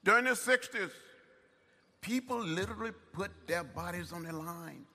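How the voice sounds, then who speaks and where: An older man delivers a ceremonial speech at a university gathering. His voice sits a bit high and bright, rising and falling widely in a rhythmic, repeating preacher's cadence. A long hall echo trails every phrase. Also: lively intonation, moderate pace. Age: 70s. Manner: orator's rhythmic cadence with emphatic repetition. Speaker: commencement speaker. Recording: echoey large hall.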